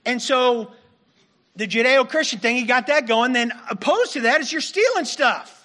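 A man delivers a sermon in a high, conversational voice, often poking fun at himself. His tone is bright and forceful, though his voice sounds a little strained, as if he is starting to lose it. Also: expressive, normal speed. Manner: conversational, self-deprecating, laughs while preaching. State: losing his voice. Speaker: pastor.

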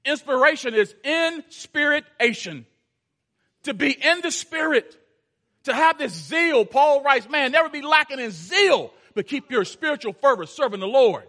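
A male pastor with a very high, bright voice delivers a storytelling sermon. He surges into loud, urgent stretches and then sinks into hushed, intense passages, with a ringing edge to his tone. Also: animated, moderate pace.

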